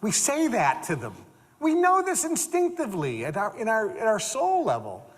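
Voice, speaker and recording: Animated man giving a motivational talk. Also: high-pitched, normal speed, in a large hall. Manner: animated, emphatic, repeats phrases for stress. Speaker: motivational speaker.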